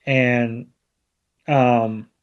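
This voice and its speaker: Man, podcast co-host, relaxed unhurried recap, filler-heavy, mid pitch. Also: dull audio. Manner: laid-back, lots of ums and you-knows. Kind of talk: casual episode recap.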